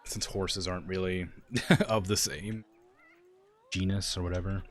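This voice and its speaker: A man's voice: low-pitched, steady tone, a little slow. A man streaming a zoo game, rambling in casual commentary, talking to the animals and filling gaps with "like". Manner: rambling, talks to the animals, many "like" fillers; tired, yawning.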